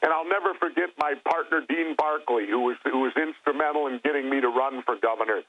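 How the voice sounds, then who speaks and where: A former governor, calling into a phone-in interview as a guest, tells stories in a blunt, plain-spoken way. His medium-pitched voice moves briskly over a tinny telephone line.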